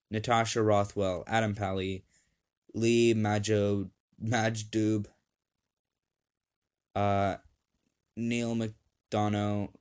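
A man's voice: lowish voice, clean tone. A young man hosting a casual home podcast, upbeat and rambling, with many fillers, reading lists off a screen. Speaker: podcast host.

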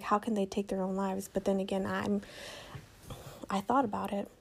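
A woman's voice: mid-range voice, vocal fry, dark tone. A young woman hosting a solo podcast, talking casually, joking and correcting herself as she goes. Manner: chatty, self-correcting, joking. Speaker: podcast host.

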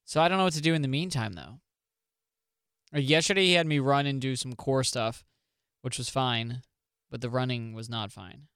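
A man's voice: medium pitch, moderate pace, pauses often, a bit bright, clear, resonant tone, dry recording, studio quality. A young man co-hosting a podcast in casual chat, joking and swearing freely. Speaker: podcast co-host.

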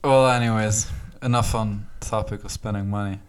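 A man's voice: on the low side, fairly even intonation, normal speed, clean tone. A young man co-hosting a podcast from his small apartment over a call, chatting in a laid-back, slangy way. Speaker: podcast co-host. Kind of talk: casual chat.

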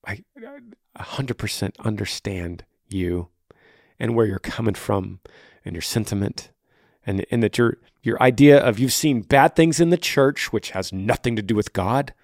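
A man hosting a podcast, answering a listener's question on faith with passion, swinging between hushed and raised delivery. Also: lowish voice, no echo, clean studio sound. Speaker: podcast host.

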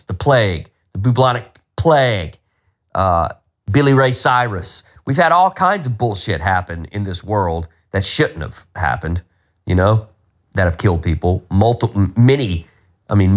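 A man's voice: lowish voice, unhurried. Guy ranting on his own podcast, swears a lot, voice jumps all over the place. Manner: profane, exasperated, animated rant. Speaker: podcast host.

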